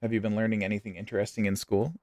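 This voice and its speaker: A man's voice: fairly low pitch, level tone, quick pace, darkish tone, no room sound. A young man streaming a game, chatting and joking while telling stories. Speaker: gaming streamer. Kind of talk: casual chat while playing a game.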